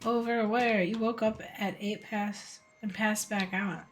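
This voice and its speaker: A woman's voice: medium pitch, steady tone, unhurried, soft background music. A woman streaming a game live, chatty and joking as she talks to her chat. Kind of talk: casual live game commentary.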